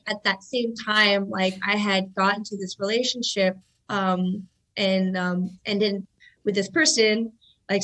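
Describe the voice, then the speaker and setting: A young woman from California, a guest on a podcast, chatting casually and telling stories with lively acted-out voices. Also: medium pitch, poor audio. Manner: animated storyteller, acts out quoted voices. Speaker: podcast guest, jiu-jitsu athlete. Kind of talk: casual chat.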